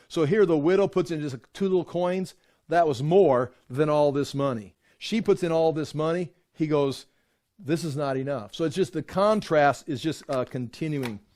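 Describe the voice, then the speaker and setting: A man teaching a Bible study, lively and informal, acting out the quoted speakers as he explains the text. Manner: animated, acts out quotes with rising pitch.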